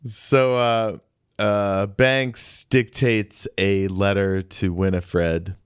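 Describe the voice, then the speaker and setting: Slow, low-voiced man joking on a podcast. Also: level tone, clean tone, no room sound, studio quality. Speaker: podcast co-host. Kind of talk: casual film discussion.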